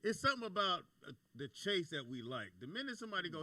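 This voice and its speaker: A man's voice: sits high, wildly swooping pitch, fast, bright, forceful tone, no room sound, recorded from a distance. A man co-hosting a comedy talk show, joking around and laughing often. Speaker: co-host. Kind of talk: casual comedic chat.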